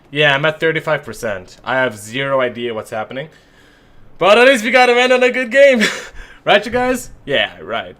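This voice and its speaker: A man's voice: mid-range voice, fairly bright tone. Chatty, joking male esports caster. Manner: joking, self-mocking, chatty. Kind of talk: live esports commentary and stream chat.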